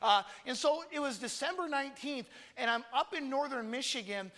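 Bright, high-voiced young preacher man. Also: moderate pace. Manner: earnest, personal storytelling, calls on listeners by name. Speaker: missionary preacher. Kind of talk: conversational sermon. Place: church hall. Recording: long hall reverb.

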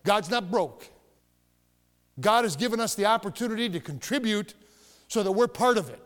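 A man's voice: sits high, expressive, moderate pace. A man preaching a sermon in a church, telling stories and growing emphatic. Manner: storytelling, emphatic, rising to shouts. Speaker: pastor. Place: church sanctuary. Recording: long reverb of a church hall.

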